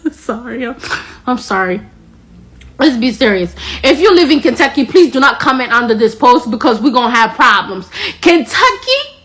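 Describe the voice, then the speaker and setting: A woman's voice: fairly high pitch, big pitch swings, normal speed, a bit bright. A woman in a casual social media clip, chatty and mocking, laughing often as she talks.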